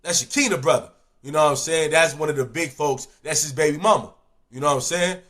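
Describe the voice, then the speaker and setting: A man's voice: fairly high pitch, fast talker, a bit bright. A man with a Chicago accent telling a street story in casual, slangy talk, often asking "you know what I'm saying".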